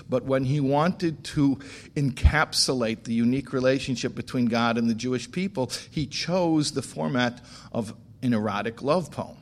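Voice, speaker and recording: Rabbi, male, mid-pitched voice, slow emphatic storyteller who acts out the dialogue. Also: a little hiss or hum. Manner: animated storyteller acting out dialogue. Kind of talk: storytelling talk on faith.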